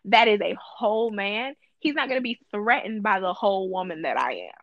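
Woman guest co-host, casual podcast chat, emphatic, gravelly, dry lo-fi sound. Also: mid-range voice, lively intonation, moderate pace, no room sound. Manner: emphatic, repeats phrases for stress.

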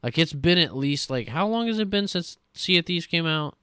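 Man, podcast host, excitable rant, cursing, smooth clear voice, dry sound. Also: fairly high pitch, moderate pace, no echo. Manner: ranting, swears often, excitable. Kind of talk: casual gaming chat.

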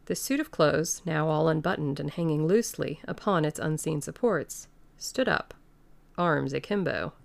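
Female audiobook narrator, measured, low and gravelly. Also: animated. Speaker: audiobook reader. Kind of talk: scripted narration.

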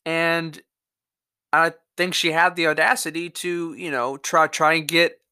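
A young man with a Mississippi Southern accent hosts a podcast, delivering an angry political rant monologue full of profanity and restarts. His fairly high voice has a sharp tone and fairly even intonation, a little slow, and the recording is smooth studio quality with no echo.

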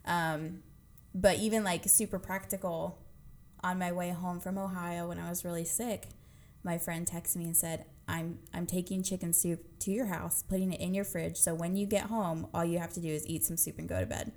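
Woman, lowish pitch, earnest, casual chat. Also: moderate pace. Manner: earnest, animated when retelling quotes. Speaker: guest sharing her experience.

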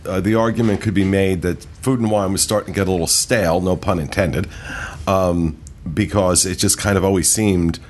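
A man's voice: low voice, fairly even intonation, normal speed, a little mellow, slight background noise. A man hosting a casual podcast discussion, rambling and enthusiastic with plenty of fillers. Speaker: podcast host.

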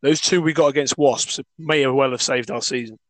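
A man co-hosting a casual podcast, hoarse and croaky, talking in a chatty, matey way. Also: medium pitch, moderate pace, no echo, low-quality recording. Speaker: podcast co-host. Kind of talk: casual chat about rugby.

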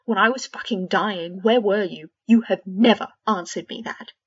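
A woman voicing a shape-shifting creature in the form of a dead young man, bitter, loud and taunting. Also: medium pitch, steady tone, slow pace, husky, lo-fi sound. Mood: raging.

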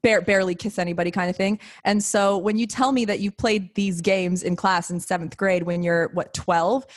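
A woman's voice: medium pitch, fairly even intonation, moderate pace. A woman in her twenties co-hosting a podcast, telling a rambling story in casual chat with frequent laughs. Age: 20s. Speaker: podcast co-host.

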